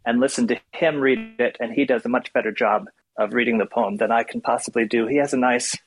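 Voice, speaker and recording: A man's voice: medium pitch, fairly even intonation, brisk, slightly rough, low-quality recording. A man with a nasal voice who talks about poems with hesitant, thoughtful fillers and then reads one aloud. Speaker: poetry discussion co-host. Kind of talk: casual discussion and poetry reading.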